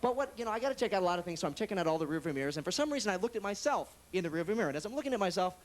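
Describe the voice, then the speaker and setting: A man doing stand-up comedy in a club, telling a story in quick, animated bursts and jumping between voices. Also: sits high. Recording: 1980s TV comedy club recording with faint noise.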